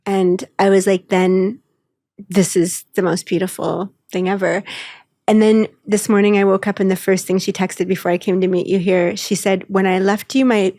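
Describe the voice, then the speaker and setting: A woman co-hosting a podcast, chatting in a casual, heartfelt and effusive way, often quoting friends in a lively voice. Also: mid-range voice, moderate pace, no room sound, studio quality. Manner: effusive, emotional, quotes others in lively voices. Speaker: podcast co-host.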